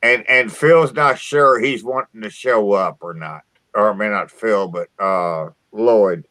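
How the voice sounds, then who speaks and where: A man's voice: lowish voice, a little slow, sharp tone, no room sound. A man from southern Indiana hosting a casual chat, swearing freely and stumbling over restarts. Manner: profane, stammering restarts. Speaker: podcast host.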